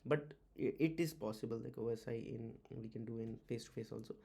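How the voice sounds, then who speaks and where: Halting man teaching tech. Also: mid-range voice, creaky, dark tone, breathy edge. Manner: halting, many uh fillers and restarts, repeats key words. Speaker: automotive diagnostics instructor. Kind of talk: informal whiteboard lecture.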